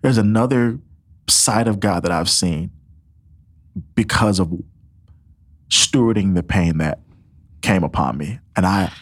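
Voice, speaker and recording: A man's voice: deep voice, a little slow, long pauses. A young man telling a personal faith testimony as a podcast guest, earnest and emotional, acting out what others said and often laughing. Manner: earnest storytelling, acts out quotes, laughs often.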